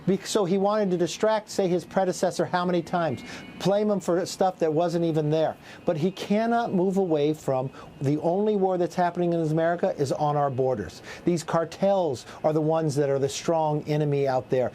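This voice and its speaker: A middle-aged man with a mellow, relaxed tone and a fairly high voice talks assertively as a news guest. He lists his points and repeats words as he goes. A faint hum of noise runs behind him. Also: normal speed. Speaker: political guest. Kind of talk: cable news interview.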